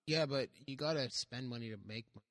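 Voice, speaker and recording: A man's voice: medium pitch, quick pace, a bit bright, no room sound. A man co-hosting a podcast, swearing freely while telling crude stories in casual banter. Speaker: podcast co-host.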